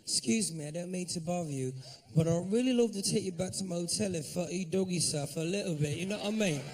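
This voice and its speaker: A man voicing a smooth-talking man politely chatting up a woman. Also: high-pitched, fast.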